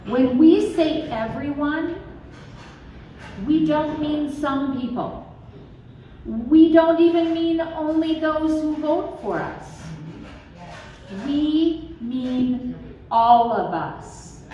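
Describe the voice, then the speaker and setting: A middle-aged woman from southwestern Minnesota giving a measured, emphatic campaign speech, with folksy asides. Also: sits high, mellow, lo-fi sound. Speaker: political campaign speaker. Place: restaurant event room. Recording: echoey, distant room recording with crowd noise.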